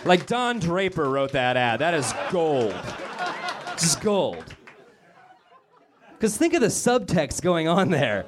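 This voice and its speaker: Man, stand-up comedian, from Denver, sarcastic, live club recording, loud crowd behind. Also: fairly high pitch, sing-song, background noise. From Denver, Colorado. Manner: sarcastic, with quick put-on voices. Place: comedy club stage with a laughing audience.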